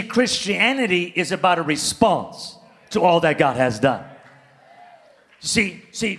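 A middle-aged man preaching a sermon with passion, repeating phrases, swinging between loud declarations and quiet asides. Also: sits high. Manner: impassioned, repetitive, shifts between shouting and muttered asides.

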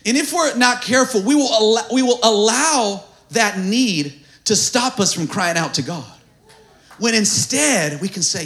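A man pastor preaching a sermon, swinging from hushed asides to fervent shouting. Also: high voice, expressive, moderate pace.

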